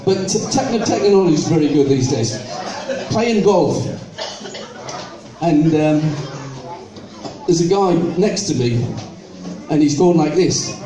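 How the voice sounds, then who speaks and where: Here the older comedian's voice sits fairly high, with lively intonation, a measured pace and long pauses, while a crowd is audible behind him. His set mixes chatty storytelling, impressions of people in his jokes, and an audience sing-along, captured on a far-off mic in an echoey room.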